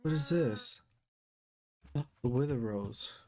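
A young man, a gaming YouTuber, narrates his Minecraft let's play in a mid-range voice at a slow pace. He startles easily, gasping and exclaiming often, with game music and background noise behind him.

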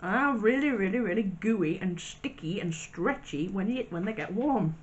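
A woman's voice: mid-range voice, expressive, moderate pace, dull audio. Chatty woman reviewing snacks. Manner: chatty and wry, with asides. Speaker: vlogger. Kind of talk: casual snack review vlog.

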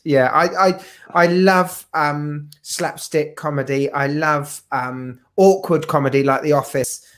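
A man's voice: on the high side, slow, few pauses. A man on a live video call, chatting casually in a jokey, rambling way with lots of restarts and fillers. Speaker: guest watch collector. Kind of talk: casual live-stream chat.

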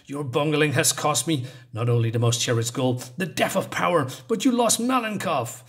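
A man reading out a furious villainous male warlord, shouting and berating an underling. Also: fairly high pitch, animated, normal speed.

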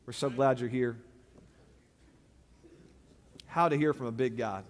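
A man preaching a sermon as pastor, dramatic, swinging from loud declarations to hushed, low lines. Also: steady tone, measured pace. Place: large church sanctuary. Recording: long reverb of a large sanctuary.

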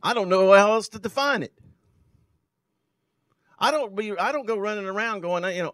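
High-voiced man preaching emphatically. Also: normal speed, pauses often, no echo. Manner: emphatic preaching, reading scripture aloud and explaining it; loudness rising and falling sharply for emphasis. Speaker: pastor. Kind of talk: sermon.

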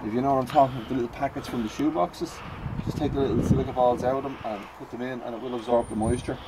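A man's voice: medium pitch, fairly even intonation, very fast, heavy background noise. A man with a Dublin accent chatting casually and rambling through an outdoor car repair how-to. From North County Dublin, Ireland. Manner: chatty, rambling, self-deprecating, prone to sidetracks. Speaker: classic car hobbyist. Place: outdoors by a house in the cold.

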